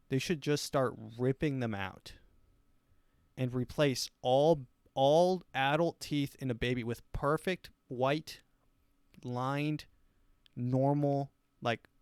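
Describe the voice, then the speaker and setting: Slow, smooth-voiced male podcast host. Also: medium pitch, darkish tone, no echo, clean studio sound. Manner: rambling, crude, self-amused. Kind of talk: casual comedic monologue.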